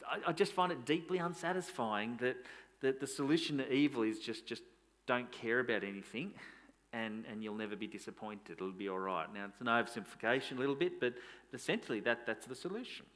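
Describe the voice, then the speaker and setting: Conversational pastor preaching. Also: male voice, mid-range voice, brisk, a bit bright. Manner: conversational, rhetorical questions, frequent restarts. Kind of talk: sermon.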